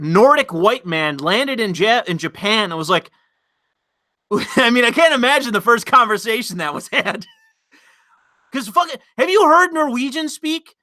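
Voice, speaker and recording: High, bright-voiced man ranting profanely on a stream. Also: no room sound, studio quality. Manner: rambling, profane, deliberately provocative. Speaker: livestream host reading chat. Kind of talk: casual livestream rant.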